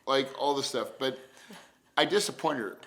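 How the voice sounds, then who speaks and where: A man's voice: medium pitch, normal speed, vocal fry, a bit bright. A man co-hosting a marriage lesson with his wife, playful and joking as he teaches. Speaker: co-host of a marriage course. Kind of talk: casual teaching chat.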